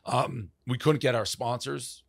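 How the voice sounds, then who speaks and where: A man's voice: mid-range voice, fairly even intonation, measured pace, vocal fry, slightly rough, dry recording, studio quality. A man talking as a podcast guest about founding his company, rambling and profane, with lots of "like" fillers. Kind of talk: casual interview storytelling.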